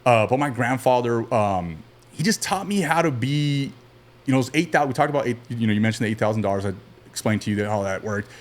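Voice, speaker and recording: Man, podcast guest, casual storytelling, rambling, lots of fillers, mid pitch. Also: fast talker. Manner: relaxed, rambling, frequent fillers and restarts.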